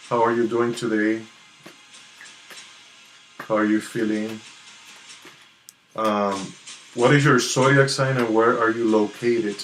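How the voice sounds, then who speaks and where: A man hosting a live tarot card reading, chatting casually and greeting his viewers one by one. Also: mid-range voice. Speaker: tarot reader hosting a livestream. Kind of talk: casual livestream chat. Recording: roomy sound with soft music behind. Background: soft relaxing music.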